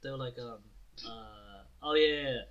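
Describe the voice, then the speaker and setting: A young man co-hosting a podcast in casual chat, animated and laughing often, who swears freely and acts out quotes. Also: medium pitch, moderate pace, muffled recording. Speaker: podcast co-host.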